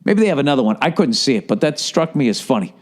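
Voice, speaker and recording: A man's voice: mid-range voice, big pitch swings, fast talker. A man hosting a solo podcast, ranting in a profane, fired-up way with sarcastic asides, from the Boston area. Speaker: podcast host.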